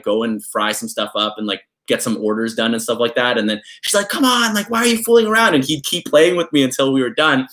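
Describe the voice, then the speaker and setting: Speaking at a medium pitch, a young Canadian vlogger shares a personal story in a loose, rambling way, leaning heavily on fillers. He becomes animated as he impersonates members of his family.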